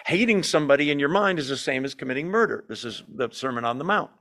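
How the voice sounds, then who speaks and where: A man leading an evening Bible study, teaching in an animated, emphatic way, asking his listeners questions and making self-deprecating asides. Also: a little high, fast.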